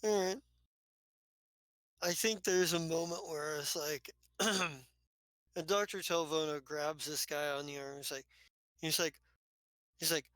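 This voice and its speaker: A game master narrating a tabletop game scene in halting bursts, with many restarts. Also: mid-range voice, steady tone, a bit bright, no room sound.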